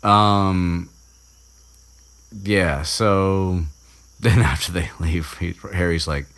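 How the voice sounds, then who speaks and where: A man with a very deep, gravelly voice talks through a story in loose, casual chat. He rambles and restarts often, and slips into brief character voices along the way. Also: fairly even intonation, fairly bright tone. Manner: rambling, many restarts and fillers, puts on quick voices for characters. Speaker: podcast host retelling a book chapter.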